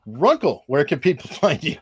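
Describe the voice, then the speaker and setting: A man hosting a casual legal panel over a video call, animated and joking. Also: on the high side, husky, no room sound, clean studio sound. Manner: animated, laughing, quick asides. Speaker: host.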